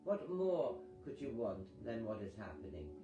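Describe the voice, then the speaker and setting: Man voicing a curt impatient young woman, animated pitch, echoey room. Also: moderate pace, dull audio. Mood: rueful. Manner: curt, dismissive. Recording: echoey reading over guitar music.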